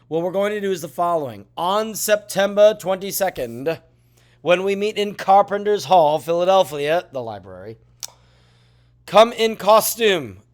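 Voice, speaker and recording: A male teacher works through a classroom lesson in a chatty, lively way, tossing in jokey asides. He says he's tired and yawns. His voice sits high and moves at a normal speed.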